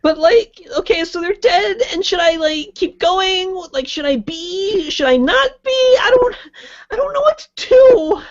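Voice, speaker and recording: A woman voicing a confused, anxious young prince who whines and talks through tears in a halting way. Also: expressive. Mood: weepy. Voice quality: high, whiny and halting. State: tearful, crying. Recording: dull lo-fi podcast audio.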